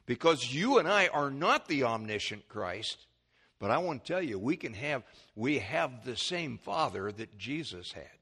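A man preaching a sermon, teaching through scripture verse by verse, reading King James passages and growing excited over word meanings. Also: medium pitch, a little slow, breathy edge. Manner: animated teaching, rising excitement on key points. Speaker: pastor.

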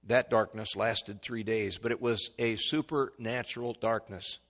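Man, preacher, expository sermon, bright forceful tone, surges high and loud on quotes. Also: steady tone, a little slow, big-room sound. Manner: rises sharply in pitch and volume when quoting mockers; reads scripture in King James wording with commentary.

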